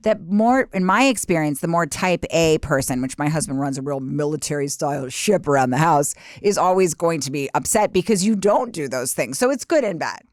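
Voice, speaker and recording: A middle-aged woman comedian chatting on a podcast, her voice sitting a little low. She tells self-mocking stories and acts out her husband's lines. The recording is close and dry. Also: animated, brisk, few pauses, darkish tone, no room sound. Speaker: stand-up comedian guest. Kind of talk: casual podcast chat, storytelling.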